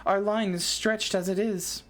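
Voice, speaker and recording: A woman voicing a stiff, formal male naval commodore, reading game dialogue in a stately, measured way. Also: mid-range voice, steady tone, faint music behind, pitched above the performer's own voice, close to an everyday voice.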